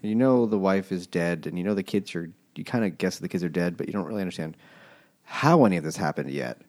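Very deep-voiced laid-back man. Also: quick pace, darkish tone. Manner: laid-back summarizing with many fillers. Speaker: podcast co-host. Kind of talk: casual book chat.

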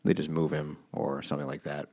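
Male podcast co-host, very deep voice, relaxed recapping. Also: a little fast, vocal fry. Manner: laid-back summarizing with many fillers. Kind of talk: casual book chat.

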